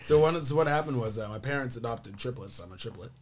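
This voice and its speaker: A young man from the Yukon with a raspy voice, telling laid-back stories as a podcast guest. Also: medium pitch, lively intonation, fast talker, darkish tone. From Yukon, Canada. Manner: laid-back storytelling, frequent laughs. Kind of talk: casual chat.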